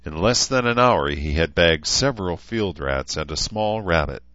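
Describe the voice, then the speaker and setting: A man reading a novel aloud as an audiobook narrator, steady and even. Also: low voice, normal speed, no room sound. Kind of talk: scripted narration. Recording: dull, lo-fi, dry.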